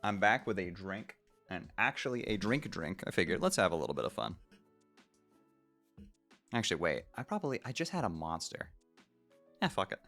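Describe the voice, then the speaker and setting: Joking, lively young streamer guy. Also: deep voice, moderate pace, long pauses, soft background music. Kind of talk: casual chat during a reading stream.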